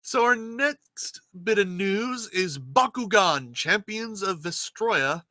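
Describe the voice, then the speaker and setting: A man's voice: high voice, lively intonation, sharp tone, no echo. A man co-hosting a casual podcast, eager and reading news aloud. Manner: eager, reads news with drawn-out pauses. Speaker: podcast co-host.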